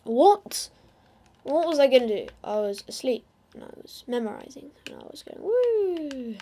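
A woman's voice: a little high, animated, moderate pace, warm tone. A woman giving casual gameplay commentary, playfully talking to and teasing her game animals. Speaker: gamer.

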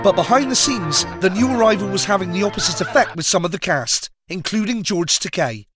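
A British man presenting a documentary with exuberant, playful energy and bursts of shouting. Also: sits high, expressive, fairly quick. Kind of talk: excitable comic presenting. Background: music.

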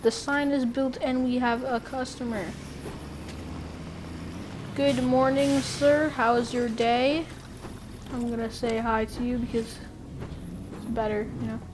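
Gaming creator, woman, high voice, easygoing pace, excitable play-by-play over noisy game sound. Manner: excitable, quick exclamations. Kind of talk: playful gameplay commentary.

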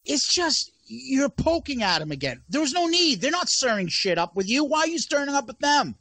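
Guy on a podcast ranting and cussing, high voice, bounces all over. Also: sing-song, moderate pace, sharp tone, dry recording. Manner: ranting, swears a lot, exasperated. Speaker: podcast co-host. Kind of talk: casual chat.

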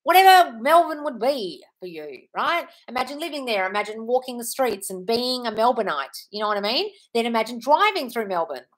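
A woman in her forties, a manifestation coach, answers viewer comments on a live stream, blunt and profane and calling everyone darling. Her voice is fairly high with big pitch swings, fairly quick, and she hardly pauses.

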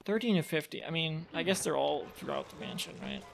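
Guy doing game commentary, high voice, gets loud and sweary then mutters. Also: brisk, vocal fry, slight background noise. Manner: excitable, yells and curses at the game, then mutters quietly. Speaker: let's play host. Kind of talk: gameplay commentary.

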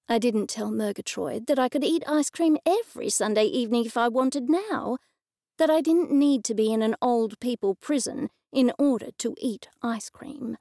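Woman narrating with a high, gravelly voice. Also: measured pace, a little mellow, no echo, studio quality. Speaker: audiobook narrator. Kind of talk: first-person audiobook narration.

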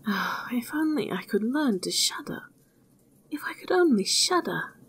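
A woman's voice: medium pitch, sing-song, unhurried, a little hiss or hum. Woman reading as a fearless, earnest young man. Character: fearless naive young man, eager and plain-spoken.

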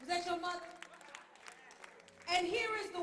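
A woman's voice: extremely high pitch, steady tone, normal speed, a bit bright, some chatter behind. A middle-aged woman minister addressing a congregation in a playful call-and-response style. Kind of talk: lively church address to congregation. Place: large church sanctuary. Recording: echoey hall, congregation noise.

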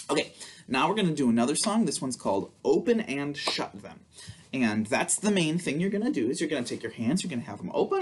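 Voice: medium pitch, sing-song, a little fast, slight background noise. A storytime host at a public library who sings songs and reads a picture book to babies, in a playful, coaxing way. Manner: sing-song, playful, coaxing.

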